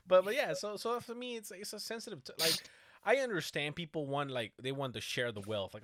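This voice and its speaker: A man's voice: high-pitched, sing-song, brisk, a bit bright. A man ranting animatedly in a casual chat, swearing often and getting worked up.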